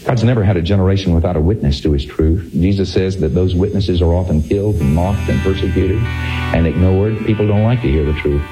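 A man preaching a sermon, emphatic, with sudden rises in pitch when he drives a point home. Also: a little fast, over music, poor audio. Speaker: pastor.

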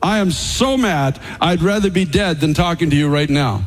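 A man's voice: fairly high pitch, moderate pace, in a large hall, soft background music, natural voice. A man voicing an angry, sulking male prophet who complains bitterly. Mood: furious. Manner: indignant, complaining.

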